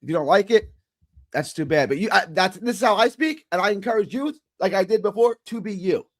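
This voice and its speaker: Loud, combative high-voiced man. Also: lively intonation, brisk. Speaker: regular show guest. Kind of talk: heated live-stream talk.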